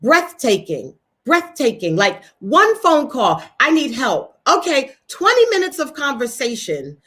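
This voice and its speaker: Emphatic woman, lively and unhurried. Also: high voice. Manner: emphatic, repeats key words for effect. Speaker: talk show co-host. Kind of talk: emphatic motivational talk.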